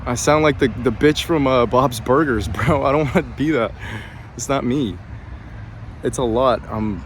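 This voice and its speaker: Breathy, hesitant man vlogging. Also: medium pitch, measured pace, a little hiss or hum. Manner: hesitant, many fillers and restarts; complaining tone. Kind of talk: confessional personal vlog.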